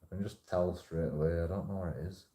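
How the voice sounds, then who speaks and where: Low, mellow-voiced man rambling. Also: fast, reverberant. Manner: repetitive, restarts phrases, swears freely. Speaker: channel host. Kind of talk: casual rambling monologue.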